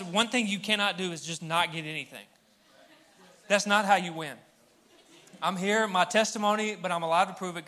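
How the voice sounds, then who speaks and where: Bright-voiced young man preaching. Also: fairly high pitch. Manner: humorous, conversational, addresses the crowd directly. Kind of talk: sermon to a live congregation. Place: church hall with audience.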